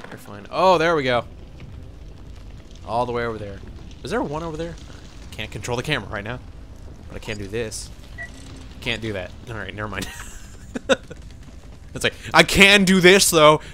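A young man giving casual, rambling let's-play commentary, joking and laughing as he plays. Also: on the low side. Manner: rambling, jokey, laughs often.

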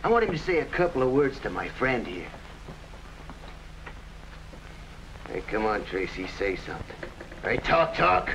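A sneering gangster boss. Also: male voice, medium pitch, very animated, brisk, vocal fry, noisy background. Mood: gloating. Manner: sneering, gloating, hard-boiled. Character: scheming gangster boss Flat Top, grown man. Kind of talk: 1940s radio acting. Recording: dull old radio recording.

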